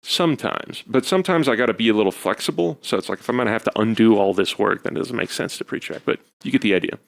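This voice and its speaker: A man with a fairly low voice talks casually on a podcast, rambling through his stories. He is self-deprecating and leans on fillers as he goes. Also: fast, vocal fry. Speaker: podcast co-host, husband. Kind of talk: casual chat.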